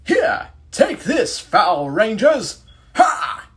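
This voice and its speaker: A man voicing a British-accented medieval knight monster, a blustering villain in a homemade audio story who talks in booming, theatrical shouts. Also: wildly swooping pitch, extremely slow, breathy edge, exaggerated voice. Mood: taunting.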